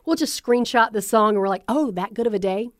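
A woman, a radio DJ co-hosting a podcast in a studio, chatting casually and animated, acting out quoted voices. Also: a little high, brisk, no echo. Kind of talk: casual chat. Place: broadcast studio. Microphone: studio mic.

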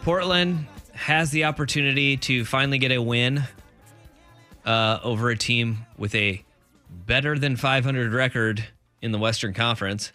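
A man's voice: mid-range voice, steady tone, normal speed, bright, forceful tone, faint music behind. A man hosting a casual sports talk show, laughing easily and acting out quoted voices.

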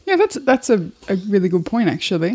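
A woman's voice: medium pitch, very animated, fast, darkish tone, slightly rough. A woman co-hosting a casual podcast, upbeat and chatty, explaining things at length. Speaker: podcast co-host.

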